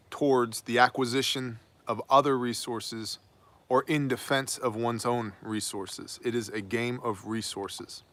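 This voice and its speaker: A man hosting a daily news commentary with a bright, forceful edge to his voice. He speaks emphatically and preaches a little, breaking off for wry asides. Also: medium pitch. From United States. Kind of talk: opinionated daily news monologue.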